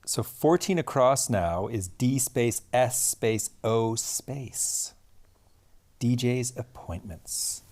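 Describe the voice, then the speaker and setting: A tired man, chatting casually with a friend while they solve a crossword together, quick to laugh at his own jokes. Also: medium pitch, a little mellow. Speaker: podcast co-host. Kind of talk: casual chat solving a crossword. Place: Kathmandu.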